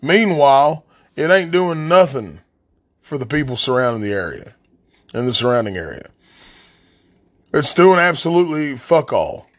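A man's voice: a little high, lively intonation, normal speed, pauses often. A man from the West Virginia coal fields with an Appalachian accent, hosting a podcast as a blunt, angry, heavily profane solo rant. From southern West Virginia coal fields. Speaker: podcast host.

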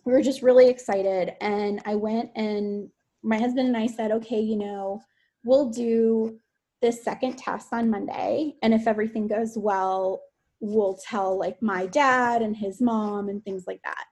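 Soft-spoken young woman recounting a loss. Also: mid-range voice, steady tone. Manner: soft-spoken, halting, with many fillers. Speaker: podcast guest. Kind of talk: emotional personal interview.

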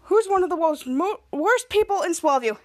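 A woman's voice: very high voice, expressive, moderate pace, no room sound, clean studio sound. A woman voicing a bold adult male superhero mentor, with a teasing sing-song delivery. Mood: matter-of-fact.

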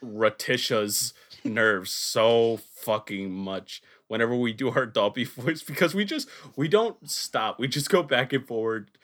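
A man's voice: mid-range voice, a little slow. A man hosting a podcast, telling stories in crude, laughing casual chat. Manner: crude, laughing, lively storytelling. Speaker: podcast host.

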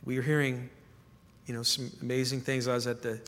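Earnest pastor preaching in an echoing hall. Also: male voice, medium pitch, flat delivery, fairly quick, fairly bright tone. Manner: earnest, repeats words when stirred. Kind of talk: sermon. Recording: echoey hall reverb.

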